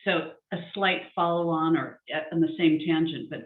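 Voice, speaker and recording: A woman's voice: low voice, steady tone, moderate pace. A woman hosting, chatting as she passes on questions from the audience. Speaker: host. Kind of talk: interview questions. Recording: tinny echoey call audio.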